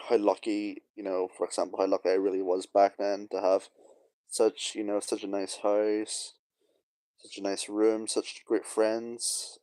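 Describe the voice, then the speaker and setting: A man's voice: fairly low pitch, warm tone, dry recording. Wistful young man rambling. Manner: rambling, wistful, with many fillers and sighs. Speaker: vlogger. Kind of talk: casual nostalgic monologue.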